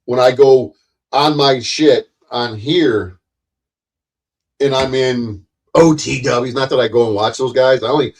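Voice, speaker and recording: A man rants on his own live stream, cursing and mocking his viewers. His voice sits at a middling pitch, and he talks straight at his audience in a combative way. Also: unhurried, darkish tone. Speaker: livestream host. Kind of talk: ranting live stream monologue.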